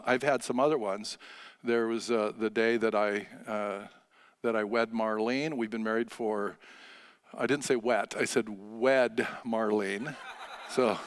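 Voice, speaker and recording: A man, preaching a sermon as pastor in a relaxed, joking, conversational way with frequent filler pauses. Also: mid-range voice.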